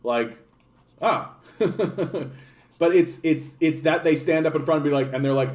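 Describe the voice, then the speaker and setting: A man's voice: a little high, a little slow, darkish tone. A young Canadian man ranting in a political vlog, rambling and sarcastic, with frequent swearing and restarts. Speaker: political commentator.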